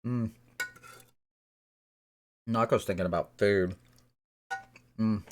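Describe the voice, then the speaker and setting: A woman's voice: rumbling low, slow, a little hiss or hum. A woman streamer chatting casually and joking offhandedly while she plays a game. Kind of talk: casual gameplay chat.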